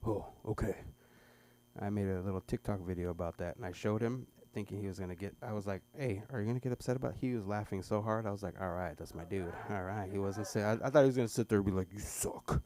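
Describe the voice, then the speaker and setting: A middle-aged man rambles through a stand-up bit, stumbling and restarting as he goes. His voice is dark and mellow, picked up by a stage microphone at a small club. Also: fairly low pitch, very fast, few pauses. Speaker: stand-up comedian at an open mic. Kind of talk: stand-up set.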